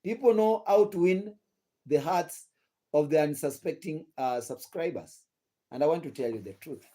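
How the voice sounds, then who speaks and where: A young Kenyan man talks through gossip on a casual live stream, throwing rhetorical questions at his viewers and saying the same points twice. His voice sits a little high but sounds soft and warm. He is sleepy and yawning. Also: normal speed. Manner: rhetorical questions to the audience, repetitive. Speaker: gossip channel host.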